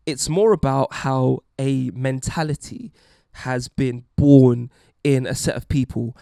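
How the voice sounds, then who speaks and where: A man's voice: medium pitch, gravelly, dark tone, no echo, studio quality. A man hosting a podcast, giving an emphatic, wry opinion monologue. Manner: wry, emphatic, puts on mock voices. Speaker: podcast host.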